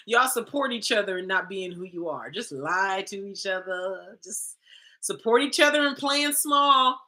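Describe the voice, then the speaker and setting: Blunt woman, lively pitch, slow delivery. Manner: blunt, confrontational, full of rhetorical questions. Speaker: host of a women's livestream. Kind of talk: livestream talk.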